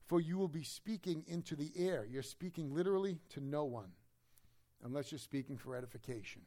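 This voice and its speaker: A man preaching an expository sermon as a pastor. He preaches emphatically, with humorous asides, and swings between loud emphasis and low, quiet remarks. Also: brisk.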